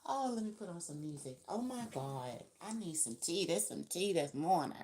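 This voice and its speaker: A woman's voice: fairly low pitch, lively intonation, moderate pace, mellow, a little hiss or hum. A woman giving a casual tarot reading, chatty and laughing often, acting out the people she quotes. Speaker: tarot reader.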